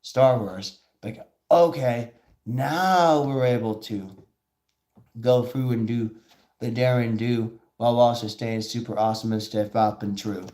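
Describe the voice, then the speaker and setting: A man hosting a live stream, rambling and excitable. He slips into quick impressions of the people he talks about, then carries straight on with his commentary. His pitch sits right in the middle for a man. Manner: rambling, excitable, acts out quoted voices. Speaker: host of a live show.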